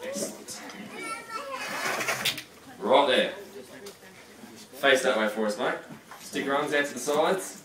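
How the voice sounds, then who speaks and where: A man's voice: mid-range voice, wildly swooping pitch, takes it slowly, long pauses. A man presenting a live reptile show, teasing his audience and volunteer in a chatty, joking way. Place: large room with audience. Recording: echoey, distant, crowd noise.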